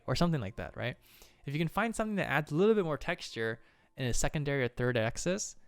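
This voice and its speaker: Gravelly man breaking down animation. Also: mid-range voice, a bit bright, dry recording. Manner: enthusiastic, playful exclamations. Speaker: animator streamer.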